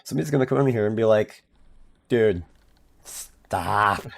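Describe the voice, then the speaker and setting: A man's voice: medium pitch, rapid-fire, creaky, mellow. A man streaming a game, chatting casually in a rambling, self-mocking way with playful voice bits. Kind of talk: casual chat while playing a game.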